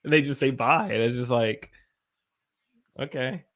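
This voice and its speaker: A young American man, an English teacher, chatting on a live stream, animated and greeting his viewers by name. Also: medium pitch, quick pace. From United States. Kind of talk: casual live-stream chat.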